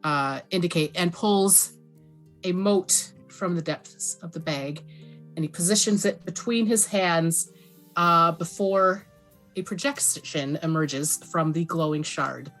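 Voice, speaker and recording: A woman narrating a tabletop game as dungeon master, halting with many fillers. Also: lowish voice, fairly bright tone, soft background music.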